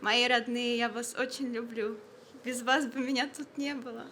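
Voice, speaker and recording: A woman's voice: a little high, flat delivery, normal speed, background noise. A nervous young woman in her late teens giving a reflective, sincere graduation speech. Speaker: graduating student. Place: outdoor graduation ceremony.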